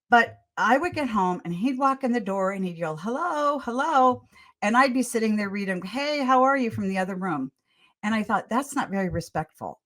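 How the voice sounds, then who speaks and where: A woman's voice: mid-range voice, fairly bright tone. Earnest older woman giving parenting advice. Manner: earnest, storytelling, frequent repeats and restarts. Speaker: pediatrician and parenting author, guest. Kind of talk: conversational advice in a podcast interview.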